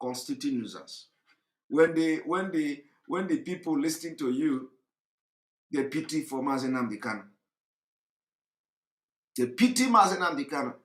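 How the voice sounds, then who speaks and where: Fiery high-voiced man. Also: animated, normal speed, long pauses, a bit bright. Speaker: political commentator. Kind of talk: impassioned political commentary. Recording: echoey room.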